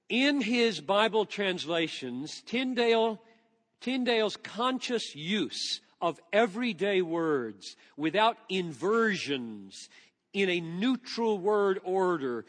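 Male pastor, sermon, high voice, unhurried and reverent; reverberant hall sound. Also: a bit bright. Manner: earnest, reverent, reads scripture slowly with emphasis.

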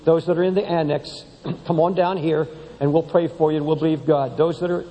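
A man preaching a sermon to a congregation, impassioned and emphatic, often rising high as he drives a point home. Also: fairly even intonation, fairly quick, warm tone. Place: large church sanctuary. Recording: long hall reverb in a church.

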